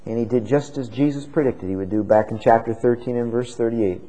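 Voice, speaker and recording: A man preaching an expository sermon, dramatic, swinging from loud emphasis to hushed tones. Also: mid-range voice, animated, normal speed, long pauses, poor audio.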